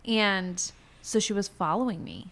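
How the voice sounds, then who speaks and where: Brief: woman guest, frank and animated storyteller, medium voice, casual swearing. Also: medium pitch, a little slow. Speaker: podcast guest. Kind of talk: candid conversational storytelling.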